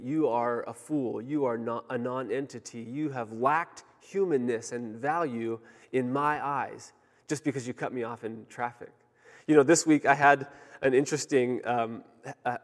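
Male pastor, thirties, middle pitch, chatty storytelling sermon, long hall reverb. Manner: conversational storytelling, lively when acting out a story.

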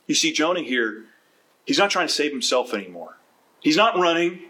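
A man preaching a sermon as pastor, telling stories and acting out voices with lively energy. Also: on the high side, moderate pace. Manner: storytelling with animated acted-out voices.

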